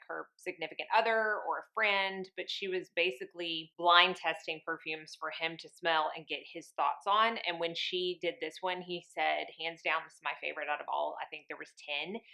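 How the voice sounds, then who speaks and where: A woman talks in a relaxed, gossipy way. Her voice sits a little low, yet it has a bright, forward ring. She pokes fun at herself as she goes. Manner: chatty, folksy, self-deprecating. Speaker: beauty vlogger reviewing fragrances. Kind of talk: casual chat.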